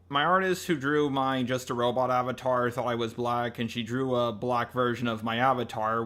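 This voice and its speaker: Earnest man giving a measured response. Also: medium pitch, fairly bright tone. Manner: earnest, measured, explaining himself. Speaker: YouTube commentator. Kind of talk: unscripted response video.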